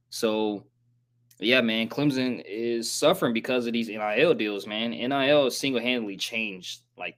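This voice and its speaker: A man hosting a casual live sports recap, rambling in slangy, profane talk and saying he sounds flat and let down. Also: fairly low pitch. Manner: says he sounds monotone and disappointed. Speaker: sports channel host.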